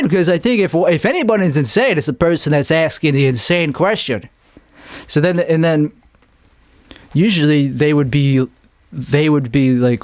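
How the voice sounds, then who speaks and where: A man's voice: on the high side, normal speed, dry recording, studio quality. A man hosting his own podcast, rambling jokily through a solo monologue and acting out lines in put-on voices. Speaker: podcast host.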